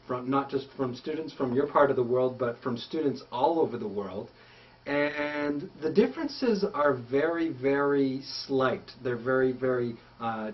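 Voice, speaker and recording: A man with a Canadian accent giving a casual English lesson, relaxed and friendly, with many ums and repeated words. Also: medium pitch. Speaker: English teacher. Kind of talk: casual video lesson answering a question. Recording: dull lo-fi sound, mic a bit distant.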